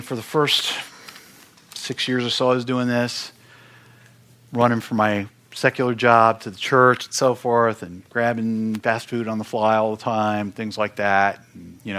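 A man's voice: on the low side, fairly bright tone. Earnest middle-aged man preaching. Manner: earnest, conversational, repeats words when stressing points. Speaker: worship ministry speaker. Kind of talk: sermon-style teaching talk.

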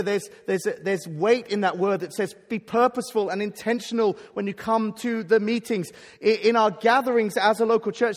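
A man delivers a sermon in an earnest, emphatic way, often stumbling and restarting mid-phrase. His voice sits high for a man. The sound carries the long reverb of a large hall. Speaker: preacher. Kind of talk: sermon at a conference.

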